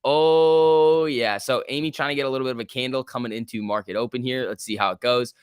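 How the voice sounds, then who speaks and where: A young man hosting a live stock market stream, talking casually and excitably, swearing freely and reading chat aloud. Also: mid-range voice, racing, smooth, no room sound, studio quality. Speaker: stock market livestream host.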